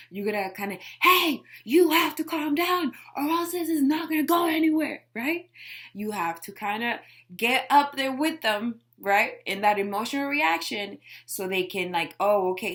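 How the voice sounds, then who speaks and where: A woman's voice: mid-range voice, fairly bright tone. A woman life coach giving a casual motivational talk to camera, emphatic and full of rhetorical questions. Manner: emphatic, peppers speech with rhetorical questions and "right?".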